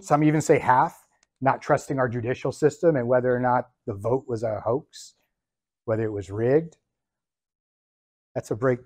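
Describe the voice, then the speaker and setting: A man, a business coach, lecturing business students in an emphatic, deliberate way, ticking through his points one at a time. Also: medium pitch, a little mellow, no room sound, clean studio sound.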